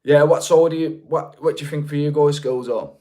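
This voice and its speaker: A young man with a broad Birmingham accent talks loosely to his livestream viewers, often restarting his sentences. His voice sits a little higher than most men's. He speaks in a casual, unpolished way. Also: steady tone, fairly quick, dark tone. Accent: Birmingham (Brummie). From Birmingham, England. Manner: chatty, rambling, with many restarts. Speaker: livestream host. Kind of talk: casual live chat reading viewer comments.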